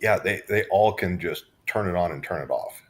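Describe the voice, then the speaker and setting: A man's voice: low voice, moderate pace. A man from Southern California, co-hosting a podcast in casual chat, rambling with restarts and fillers. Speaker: podcast co-host.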